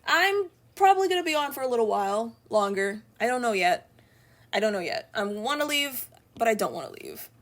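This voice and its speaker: A woman's voice: a little high, very animated, a little fast, fairly bright tone. A young woman chatting casually while she draws on a live stream at home, rambling and laughing often. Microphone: streaming from an iPad.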